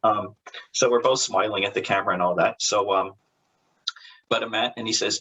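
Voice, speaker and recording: A man's voice: lowish voice, normal speed, pushed and bright, a little hiss or hum, low-quality recording. A man who works as a comic book artist, a guest in a casual interview. He tells rambling stories with many restarts and laughs, and briefly acts out the voices of the people in them.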